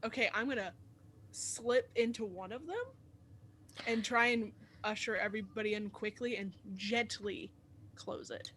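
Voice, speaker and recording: A woman playing in a live tabletop game, chatty and quick, describing her character's moves. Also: fairly high pitch, a bit bright, a little hiss or hum. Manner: quick, chatty, laughs often. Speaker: player. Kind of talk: casual tabletop play.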